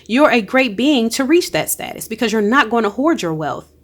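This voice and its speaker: A woman's voice: a little high, lively intonation, moderate pace. A woman giving a casual spiritual card reading, emphatic and encouraging, with frequent exclamations and colloquial speech. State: emotional. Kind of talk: casual tarot-style energy reading.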